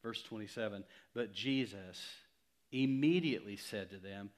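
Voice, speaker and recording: A male pastor preaching a sermon in a conversational, emphatic way, swinging from loud to hushed. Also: on the low side, normal speed.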